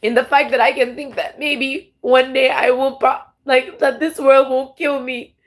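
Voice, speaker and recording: A woman's voice: high voice, steady tone, measured pace. A woman tarot vlogger talking to camera in a raw, rambling, emotional monologue, swearing often and restarting her sentences.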